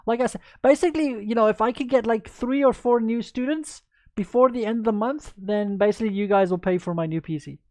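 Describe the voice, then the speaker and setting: A woman's voice: fairly high pitch, brisk, warm tone, no room sound, clean studio sound. A woman chess coach in a livestreamed lesson, chatty and upbeat, answering viewers by name as she goes through moves.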